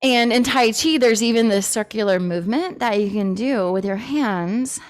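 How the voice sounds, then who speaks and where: A woman's voice: on the high side, moderate pace. A woman hosting a casual talk on personal growth, candid, swearing freely and laughing often. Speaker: host.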